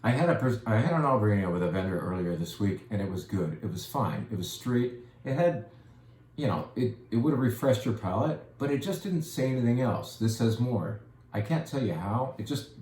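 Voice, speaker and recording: A man's voice: medium pitch, lively intonation, a little fast, darkish tone. A man hosting a casual wine presentation, chatty and playful with self-deprecating asides. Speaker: wine shop host. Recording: echoey room with faint ambience.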